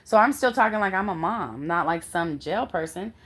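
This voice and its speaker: Animated middle-aged woman telling a story. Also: on the low side, normal speed, husky. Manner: animated, constantly checks in with "okay?". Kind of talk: personal storytelling vlog.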